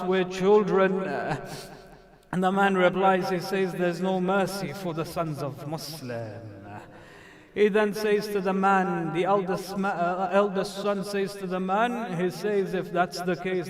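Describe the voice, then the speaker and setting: Impassioned man preaching a sermon. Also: on the high side. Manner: impassioned storytelling, voice rising when quoting, frequent "uh" fillers. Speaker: sheikh giving a sermon. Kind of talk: emotional religious sermon narration. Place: mosque.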